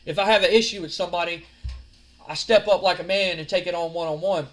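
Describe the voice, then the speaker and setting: A man's voice: sits high, fairly even intonation, fast talker, faint music behind, lightly acted. A man voicing a blunt, macho male wrestler. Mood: gruff. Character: gruff tough male wrestler.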